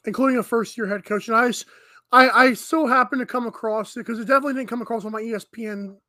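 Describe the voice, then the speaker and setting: Male sports-show host, high voice, casual and filler-heavy, dry podcast sound. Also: steady tone, fast, bright, forceful tone, no echo.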